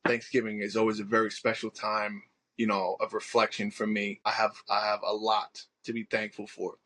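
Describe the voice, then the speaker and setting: A pastor in his forties from Long Island, New York, with the accent to match, recounts his life story during a podcast interview. His lowish, slightly bright voice stays completely flat at a moderate pace, and he sounds earnest while often restarting sentences as he gives his personal testimony.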